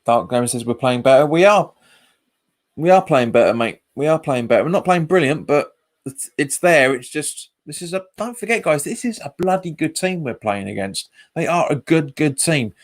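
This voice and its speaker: A man's voice: a little high, lively intonation, normal speed. Chatty man hosting a watch-along. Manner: chatty, repeats phrases, reads viewer comments aloud. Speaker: fan channel host. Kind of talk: live match watch-along chat.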